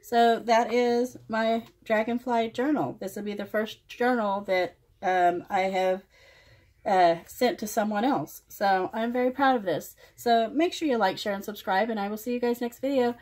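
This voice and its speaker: A woman's voice: on the high side, steady tone, darkish tone. Woman giving casual craft show-and-tell. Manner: plain, unhurried commentary in short phrases. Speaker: craft channel host.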